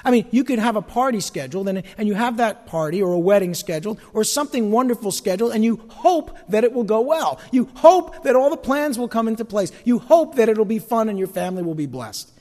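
A man preaching a sermon as pastor, animated, with folksy asides. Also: high-pitched, fairly quick, hardly any pauses, big-room sound.

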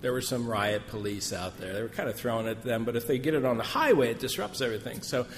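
A quick-paced, medium-pitched man speaks as a missionary, his sermon built on folksy, jokey personal tales full of digressions. Sound carries with long hall reverb and a faint hum of the room.

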